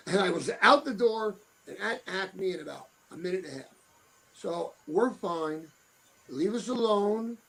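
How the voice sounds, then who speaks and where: A man's voice: high-pitched, gravelly, husky, poor audio. A middle-aged man telling blunt, tough-talking stories as an interview guest. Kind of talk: casual interview talk.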